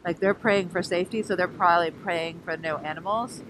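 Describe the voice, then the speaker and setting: A woman's voice: on the low side, brisk. A woman vlogging while riding a scooter outdoors on a helmet mic, tired and rambling in a playful, silly way that slips into emotional talk. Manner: playful, silly, jumps between jokes and emotion. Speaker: motorcycle rally vlogger. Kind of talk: casual rambling vlog. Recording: loud wind noise.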